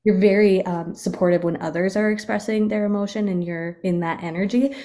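A woman hosting a casual chat, animated and supportive. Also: medium pitch, fairly quick.

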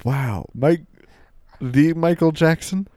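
A man's voice: on the high side, slow pace, mellow, no echo. A man co-hosting a podcast, teasing his partner in improvised comedy banter. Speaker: podcast co-host.

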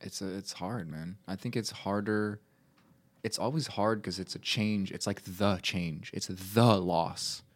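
A man's voice: on the low side, a little slow, no room sound. A man co-hosting a podcast in casual chat, loose and self-mocking, swearing freely. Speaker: podcast co-host.

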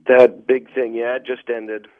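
A man's voice: medium pitch, level tone, unhurried. A man, a TV critic, talking by phone while losing his voice, rambling and hesitant. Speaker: TV critic guest. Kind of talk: phone interview. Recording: tinny phone line.

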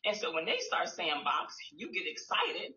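A woman's voice: lowish voice, huge pitch swings, moderate pace, bright, forceful tone. A woman speech pathologist giving a presentation to parents, explaining play techniques and acting out sing-song phrases for a child. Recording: echoey, slightly dull room audio.

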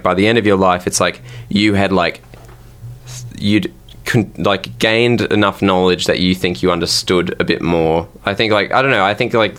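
A man's voice: deep voice, fairly bright tone. A young man in a casual debate, thinking aloud in a rambling way with lots of fillers.

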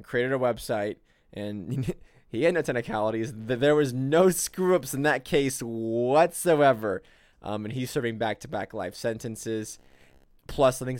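A man's voice: medium pitch, no echo, studio quality. A man co-hosting a casual political podcast, rambling and sarcastic, with many restarts and fillers. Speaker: podcast co-host.

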